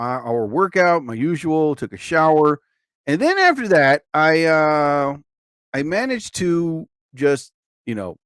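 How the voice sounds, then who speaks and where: Brief: chatty, animated male livestream host, rambling, very dry close sound. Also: a little high, clear, resonant tone, no room sound. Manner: rambling, animated, lots of fillers. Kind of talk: rambling live-stream chat.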